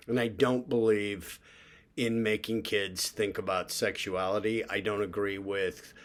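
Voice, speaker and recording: An older man talking in a casual, rambling vlog monologue, full of fillers and asides. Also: mid-range voice. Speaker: vlogger.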